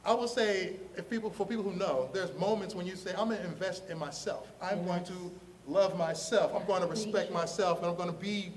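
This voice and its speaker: Man from Ohio, high voice, animated storyteller who laughs and acts out voices; slangy, casual; recorded a bit off-mic with faint room noise. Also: brisk, distant mic. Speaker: comic artist telling his story.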